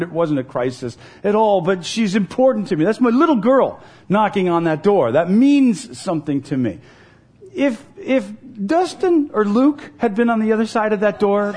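A man's voice: high-pitched, a little mellow. A middle-aged man pastor preaching a sermon in an earnest, conversational way, telling personal stories.

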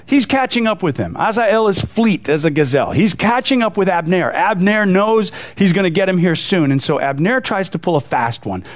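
A man's voice: high-pitched, lively intonation, normal speed, few pauses. A man teaching a Bible passage in a casual, conversational way, retelling the story with many fillers and restarts.

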